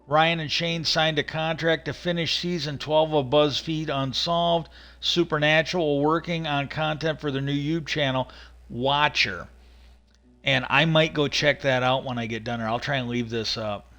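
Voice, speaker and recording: A man's voice: on the high side, steady tone, normal speed, pushed and bright. A man hosting a livestream, casually rambling through stories with many fillers and restarts. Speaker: livestream host.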